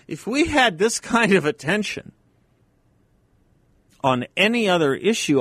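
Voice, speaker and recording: A man's voice: mid-range voice, no room sound. A man hosting a talk radio show, talking in a conversational, wry and emphatic way into a studio microphone. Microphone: studio microphone, dry.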